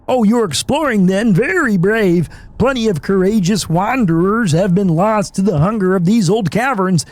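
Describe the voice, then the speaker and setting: A hoarse man voicing a nerdy old male bug shopkeeper in a fussy put-on voice, reading game dialogue aloud. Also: high voice, animated, moderate pace. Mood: polite. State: hoarse from illness.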